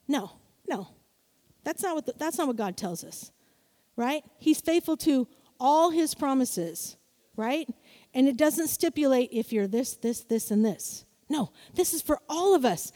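High-voiced woman preaching animatedly. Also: normal speed. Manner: animated, playful storytelling with acted-out voices. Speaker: pastor. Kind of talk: sermon.

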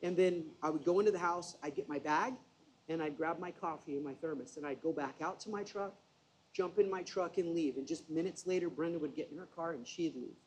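A man preaching a sermon, telling a personal story in an animated, conversational way with self-deprecating asides. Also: on the high side, fairly quick, slight background noise, low-quality recording.

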